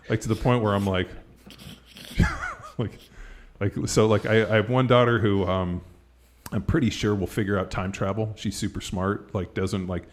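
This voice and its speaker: A man's voice: low-pitched, sing-song, fairly quick. A middle-aged man hosting a podcast in casual chat, rambling with lots of "like" and the odd swear word. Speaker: podcast host.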